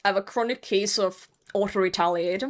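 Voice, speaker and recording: Her mid-range voice is steady in tone and fairly quick as she plays a game on stream, casually bantering with chat, teasing viewers, laughing often and swearing freely.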